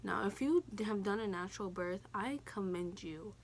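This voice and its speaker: A woman's voice: medium pitch, normal speed, heavy background noise. Chatty teen woman vlogger. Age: teens. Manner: chatty, candid, swears casually. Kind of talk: casual storytelling vlog.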